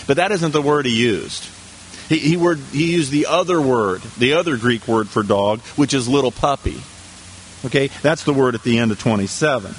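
A man's voice: medium pitch, slight background noise. A man preaching a sermon in a conversational manner, with asides and rhetorical questions to the congregation. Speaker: pastor.

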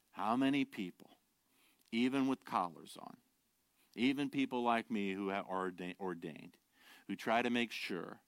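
Preaching man with dry, close sound. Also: no room sound. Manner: swings from quiet, low asides to loud, emphatic declarations; earnest, direct preaching with rhetorical questions. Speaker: pastor. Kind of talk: sermon. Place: church.

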